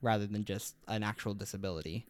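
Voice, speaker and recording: A man's voice: fairly low pitch, quick pace, no echo. A young adult man co-hosting a podcast, telling a mystery story in casual, rambling, upbeat chat.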